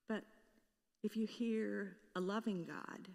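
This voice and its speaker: A woman's voice: mid-range voice, unhurried, creaky, darkish tone, in a large hall. A woman pastor preaching a sermon in an earnest way, now and then acting out the voices she quotes.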